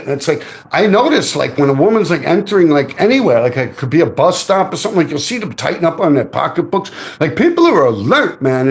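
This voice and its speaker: Animated New man ranting casually. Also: a little high, creaky. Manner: animated, profane, street slang, keeps adding "man". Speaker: live-stream host. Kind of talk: casual live-stream storytelling.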